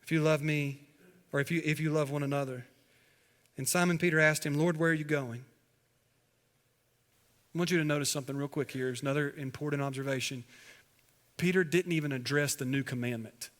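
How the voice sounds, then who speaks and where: A man's voice: fairly high pitch, fairly even intonation, fairly quick, long pauses. Male pastor preaching in a reverberant church. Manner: preaching with dramatic swings between loud emphasis and hushed quiet. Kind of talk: sermon. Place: church sanctuary. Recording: long hall reverb from a church sanctuary.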